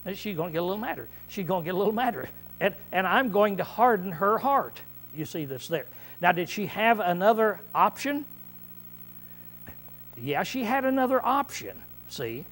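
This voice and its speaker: A man preaching a conversational Bible-study sermon, often clearing his throat and checking in with "see?" as he repeats and restarts phrases. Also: sits high, very animated, normal speed, a bit bright. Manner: repetitive, restarts mid-phrase.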